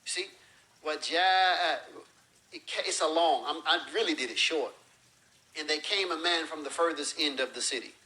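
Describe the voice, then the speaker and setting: Speaking a little fast, a male religious teacher gives an explanatory lecture with a bright, fairly high voice, acting out short phrases and leaning on everyday examples. The recording quality is low.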